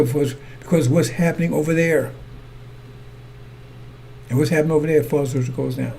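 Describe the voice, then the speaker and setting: A man's voice: on the high side, fairly even intonation, normal speed, vocal fry, pauses often, warm tone, slight background noise. A man preaching a sermon, talking in circles and checking with his brothers and sisters that they follow. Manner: repetitive, asks listeners to follow along; addresses congregation as brothers and sisters.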